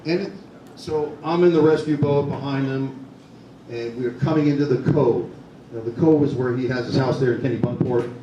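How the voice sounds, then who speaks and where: A man's voice: medium pitch, moderate pace, highs cut off. Older man, chatty storyteller, laughs as he talks, roomy echo, far from mic, noisy. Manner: chatty storyteller, laughs through his stories. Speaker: guest speaker, former Secret Service agent. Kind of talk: anecdotal talk to a meeting. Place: meeting room. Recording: echoey room, distant mic, noisy.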